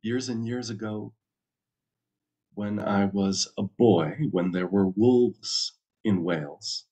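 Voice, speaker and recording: A man, a minister, reading a story aloud at a church service with an expressive storytelling delivery. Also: on the low side, takes it slowly.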